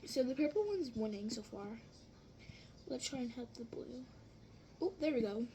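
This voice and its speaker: A woman's voice: a little high, animated, moderate pace, noisy background. A primary-school girl casually vlogging while making slime, chatty and easily amused, with exaggerated reactions. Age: child. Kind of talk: casual vlog chat.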